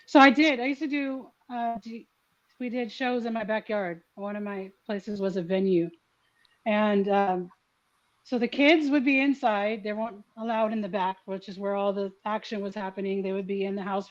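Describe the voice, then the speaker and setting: A middle-aged woman hosting a podcast who tells stories in a lively way and swears freely. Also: medium pitch, moderate pace, dull audio. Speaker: podcast host. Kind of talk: casual chat.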